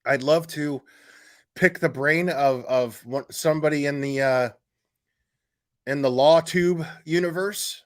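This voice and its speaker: Man, slightly high voice, casual stream commentary, blunt, exasperated, fillers and restarts. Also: a little slow. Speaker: YouTube commentary host.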